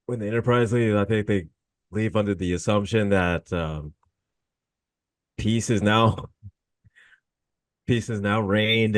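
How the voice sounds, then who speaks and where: Brief: rambling podcast co-host, man, lowish voice, dry mic. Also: no room sound. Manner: rambling, halting, with many fillers. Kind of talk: casual podcast chat.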